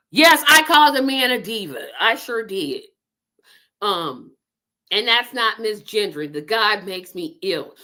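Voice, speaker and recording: A middle-aged woman hosting a live online talk show, giving casual, opinionated commentary with emphatic, animated delivery and talking straight to her viewers. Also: mid-range voice.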